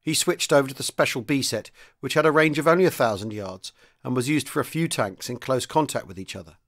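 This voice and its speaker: A podcast host reads a chapter of a wartime novel aloud in audiobook style, giving the characters light voices. His voice sits in the mid range and moves fairly quickly.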